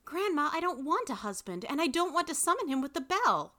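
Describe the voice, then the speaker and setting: A woman reading aloud, voicing a stubborn, exasperated young woman in a high, loud voice. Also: big pitch swings, fairly quick, heavily acted. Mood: protesting. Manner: high, loud, emphatic exclamations. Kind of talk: audiobook reading.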